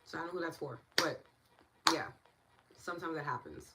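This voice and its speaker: A young woman with a New York accent guides a live online session in a low, grounded voice. She talks to her viewers in a loose, chatty way and breaks into bubbly excitement. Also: brisk, long pauses, noisy background. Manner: bubbly, bursts into excited laughter. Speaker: meditation and tapping guide. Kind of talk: casual live-stream teaching while reading chat.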